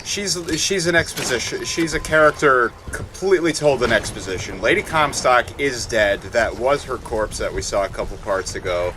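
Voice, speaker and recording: A man's voice: mid-range voice, lively intonation, normal speed, hardly any pauses, pushed and bright, a little hiss or hum. Rambling man commentating gameplay. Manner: rambling, self-correcting, wry. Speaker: let's play host.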